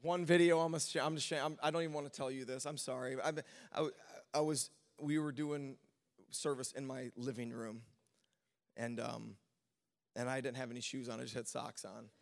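A man's voice: mid-range voice, moderate pace, gravelly. A man pastor speaking to a congregation in a sermon, telling a personal story with frequent stammers and restarts. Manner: preaching climax, shouting and sing-song, then relaxed storytelling with stammers.

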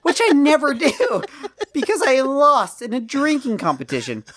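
A young man tells a long, rambling story on a podcast, his voice jumping up and down in pitch and from loud to hushed. He laughs as he goes. The sound is close and dry. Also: huge pitch swings, moderate pace, no echo. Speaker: podcast co-host. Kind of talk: casual storytelling chat.

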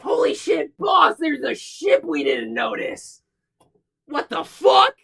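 A man voicing a panicked little male kobold lookout who shouts in a shrill, high voice. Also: big pitch swings, slow, vocal fry, heavily acted.

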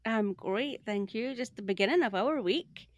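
A Scottish woman chats as a podcast guest over a remote call, her voice a touch high and swinging widely as she tells her story. She laughs often and acts out the lines of the people in the story. The sound is close and dry. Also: animated, normal speed, no room sound. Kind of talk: casual chat, animated storytelling. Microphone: remote call, camera off.

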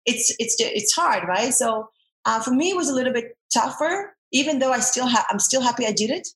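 A middle-aged woman, a former dancer and army veteran, chatting as an interview guest with many restarts and animated storytelling. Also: a little high, brisk, reverberant, low-quality recording. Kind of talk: casual interview chat.

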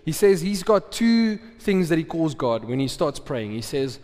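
A man's voice: fairly high pitch, moderate pace, hardly any pauses, darkish tone. Conversational preaching man in a reverberant hall. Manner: conversational preaching, rhetorical questions to the congregation, laughs often. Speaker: pastor. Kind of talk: sermon.

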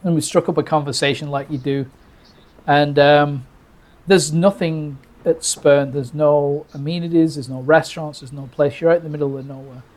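A man from Britain tells a birding story in a casual, animated way. He restarts his sentences often and acts out what people said. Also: on the high side, moderate pace. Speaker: birder telling a story.

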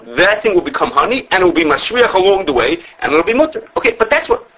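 A man teaching an informal religious law class, talking fast with lots of restarts and acting out the sources he quotes. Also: sits high, big pitch swings, sharp tone, slightly rough, muffled recording. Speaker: Torah teacher.

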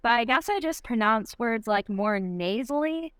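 Young woman, Michigan accent, smooth resonant voice, dry close sound, cheerful podcast chat. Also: a little high, expressive, normal speed, a bit bright, no echo. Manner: upbeat, giggly, many likes. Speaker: guest athlete.

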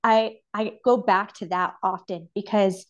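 A woman with a mid-range voice speaks as a guest on a faith podcast, telling a personal story from her life as a mother. She is earnest and openly emotional, and soft laughter slips in between her thoughts. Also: mid-range voice, fairly even intonation, a little slow, lo-fi sound. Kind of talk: personal faith testimony in casual chat.

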